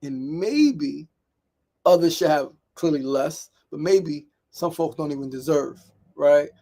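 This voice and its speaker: New man, gravelly and slightly high, candid repetitive storyteller hosting a solo daily talk. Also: expressive, slow pace, warm tone. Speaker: daily show host. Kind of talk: reflective solo monologue.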